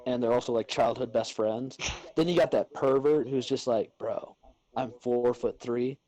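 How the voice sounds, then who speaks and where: Young male podcast co-host, mellow tone, profane, playful storyteller. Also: medium pitch, moderate pace, low-quality recording. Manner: swears a lot, acts out pets in silly voices. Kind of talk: casual chat.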